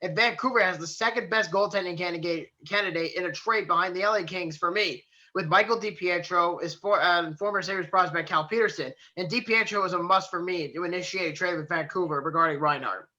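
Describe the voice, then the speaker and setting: A man co-hosting a casual sports podcast, chatty and quick to swear when riled. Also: high-pitched, sharp tone, muffled recording. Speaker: podcast co-host.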